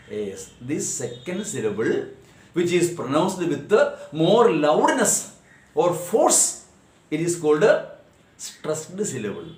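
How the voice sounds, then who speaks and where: A male English teacher with an Indian English accent gives a grammar lecture at a slow, deliberate pace. His voice sits slightly high, and the room carries a noticeable echo. He repeats himself often and keeps checking his students' understanding. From Andhra Pradesh, India.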